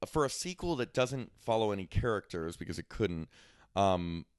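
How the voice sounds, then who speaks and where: A young man with a low, smooth voice chats casually, full of restarts and quick laughs. He sounds close to the mic in a dry room with no echo. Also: very animated. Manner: chatty, self-interrupting, quick to laugh. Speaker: podcast co-host. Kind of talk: casual chat.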